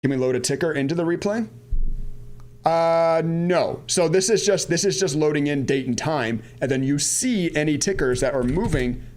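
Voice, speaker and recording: A man's voice: on the high side, moderate pace, darkish tone. Chatty man in his thirties live streaming. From United States, Washington DC area. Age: 30s. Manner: chatty and rambling, reads viewer chat and answers it; laughs at himself, goes off on tangents. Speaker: day-trading live streamer. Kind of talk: casual live-stream commentary.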